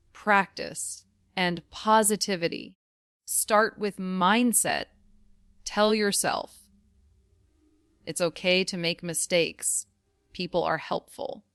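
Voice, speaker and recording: Slow, smooth-voiced woman teaching English. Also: medium pitch, a bit bright, no room sound, studio quality. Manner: slow, clear, instructive delivery. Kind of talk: scripted lesson narration.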